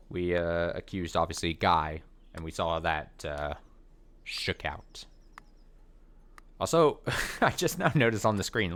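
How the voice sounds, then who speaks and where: A man's voice: sits low, fairly bright tone. A young man hosting a let's play, rambling and stammering in casual commentary. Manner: rambling, stammering, laughs often.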